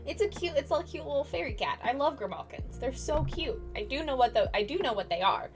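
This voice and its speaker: Casting note: high-pitched young American woman, casual streamer banter, playful and giggly, light music underneath. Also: expressive, fairly quick. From United States. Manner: playful, chatty, laughs often, stumbles and restarts. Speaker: streamer, digital artist. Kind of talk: casual live-stream chat with viewers.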